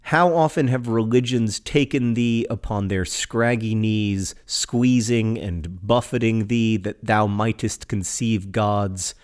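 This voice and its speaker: A man co-hosting a podcast, reading poems in a slow, measured way and chatting in quick asides with plenty of fillers. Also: lowish voice, a little mellow. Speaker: podcast co-host. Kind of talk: reading poems aloud and casual chat.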